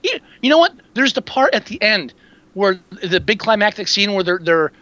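In a dull lo-fi recording, a podcast co-host with a high voice talks at a moderate pace, casually reviewing films. He's animated, wanders off topic and acts out quotes.

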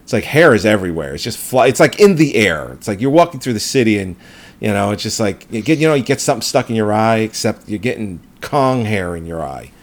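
A man's voice: fairly low pitch, sing-song, fast talker. A man co-hosting a podcast in casual movie chat, rambling through gory jokes and laughing at his own riffs. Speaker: podcast co-host.

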